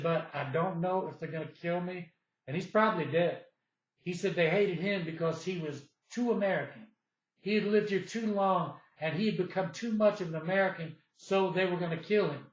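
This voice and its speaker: A man's voice: sits high, echoey room, muffled recording. A middle-aged man telling a personal story in a rambling monologue, meandering and restarting often with fillers. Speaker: storyteller recounting personal experiences.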